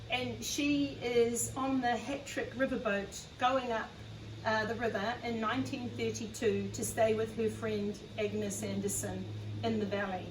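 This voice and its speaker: Woman author, New Zealand accent, hesitant and earnest, recorded from far off, faint room noise. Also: fairly high pitch. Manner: hesitant, with many fillers, earnest. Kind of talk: introducing and reading from her novel. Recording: echoey room, far from the mic.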